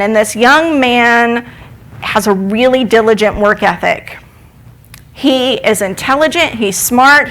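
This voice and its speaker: A woman with a fairly high, bright voice tells a parable during a church service sermon. She speaks conversationally and puts questions to her congregation. The recording is rough.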